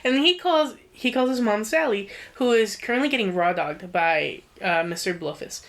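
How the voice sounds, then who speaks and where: A woman co-hosting a casual book-discussion podcast, recapping the story in a rapid, profane, animated way. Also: mid-range voice. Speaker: podcast co-host.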